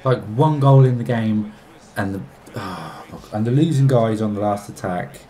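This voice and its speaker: A young man giving excitable, casual commentary while playing a football game, arguing back at the screen and laughing. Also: lowish voice, moderate pace. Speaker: gaming YouTuber.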